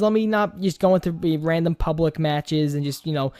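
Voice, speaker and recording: A man's voice: high voice, fairly quick, few pauses, warm tone. A young man with a New York accent hosting a casual gaming podcast, rambling, repeating himself and swearing freely. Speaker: podcast host. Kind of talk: casual chat.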